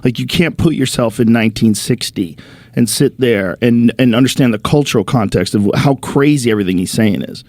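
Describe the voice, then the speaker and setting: A man's voice: medium pitch, fairly quick, darkish tone, no room sound. Emphatic male podcast host. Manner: emphatic, swears casually. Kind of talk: casual chat.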